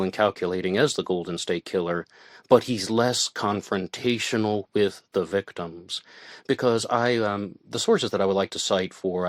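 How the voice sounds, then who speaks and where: A man's voice: deep voice, no echo, studio quality. A man hosting an online radio show, talking through true-crime commentary in a conversational way, with fillers and restarts. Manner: conversational, with fillers and self-corrections. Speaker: host.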